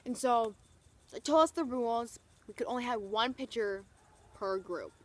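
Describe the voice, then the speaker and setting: A young woman vlogger gushing through an excited storytime, full of "like" and retold quotes. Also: a little high, normal speed. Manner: gushing, breathless retelling full of "like".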